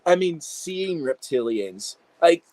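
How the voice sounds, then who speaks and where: A man, an integration psychologist, telling animated stories in a casual interview with many fillers. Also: fairly high pitch, slow, no room sound, poor audio.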